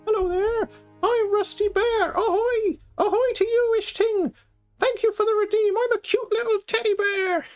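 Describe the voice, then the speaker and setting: A man's voice: extremely high pitch, fairly even intonation, moderate pace, soft background music, voice pushed up. A man voicing a cute little male teddy bear on a livestream, with chirpy, cheery greetings.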